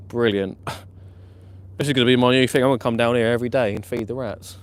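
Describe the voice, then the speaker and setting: A man's voice: medium pitch, quick pace. Chatty man fishing live. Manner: chatty, excitable, laughs often. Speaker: fishing vlogger. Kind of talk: live-stream commentary. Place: outdoors at night on a waterside pier. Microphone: camera or phone mic on a live stream.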